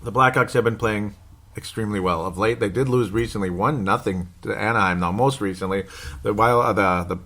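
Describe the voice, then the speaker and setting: A man's voice: fairly low pitch, fairly quick, fairly bright tone. A man gives casual solo sports commentary as a podcast host, rambling and correcting himself, anxious and wry with frequent chuckles.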